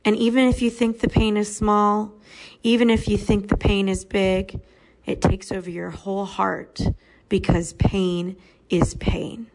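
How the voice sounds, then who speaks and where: A woman voicing a gentle, wise twelve-year-old girl in a soft, earnest way, close to her own voice. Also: mid-range voice, flat delivery, normal speed, a little hiss or hum, natural voice, low-quality recording.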